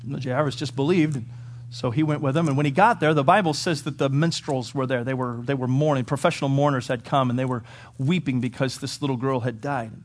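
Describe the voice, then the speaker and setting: A man preaching a sermon, animated and full of rhetorical questions, swinging between loud emphasis and quiet low asides. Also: a little fast. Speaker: pastor.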